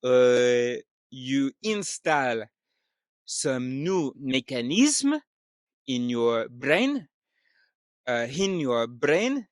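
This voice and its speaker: A man voicing a middle-aged French father with a put-on French accent, speaking halting broken English full of fillers. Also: mid-range voice, big pitch swings, no echo, studio quality. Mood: earnest.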